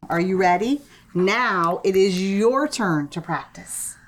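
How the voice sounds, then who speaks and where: A young woman teaching a phonics lesson to small children, stretching out sounds in a slow, encouraging voice. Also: medium pitch, expressive. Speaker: preschool teacher.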